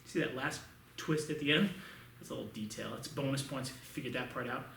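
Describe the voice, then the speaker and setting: A martial arts instructor teaching an online class for children, calling out each move and cheering the students on. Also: male voice, medium pitch, fairly quick, gravelly, a bit bright, a little hiss or hum. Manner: upbeat, coaching, calls out moves. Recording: echoey room, distant mic.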